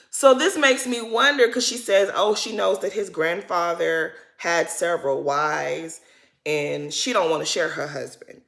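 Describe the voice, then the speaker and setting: A woman's voice: mid-range voice, creaky, fairly bright tone. A woman vlogger giving a sassy, blunt, casual recap of a reality show, talking straight at the cast and calling them "girl.". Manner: addresses cast members directly as "girl". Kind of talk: casual reaction commentary.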